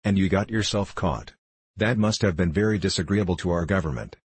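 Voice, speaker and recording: A cold, sneering middle-aged diplomat, read by a man in a very low, husky voice. He talks down sharply and cynically. The sound is close and dry. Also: a little fast, no echo. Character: mocking, condescending middle-aged male diplomat.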